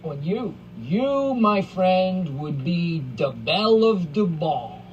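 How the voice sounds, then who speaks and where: A man's voice: high-pitched, very animated, takes it slowly, lo-fi sound, a little hiss or hum, pitched above the performer's own voice, exaggerated voice. A man putting on a leering prison-yard tough. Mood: taunting.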